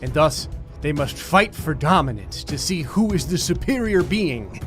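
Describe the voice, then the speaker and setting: A young man giving sarcastic, deadpan comedic commentary on a life-simulation game, laughing often at his own jokes. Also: on the high side, unhurried, music in the background. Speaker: gameplay commentator.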